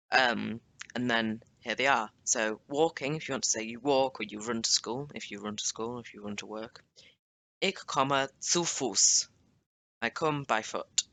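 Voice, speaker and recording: A man's voice: mid-range voice, bright, forceful tone. A young man teaching a language lesson in a chatty, casual way, explaining with asides and self-corrections. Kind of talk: casual screen-share lesson.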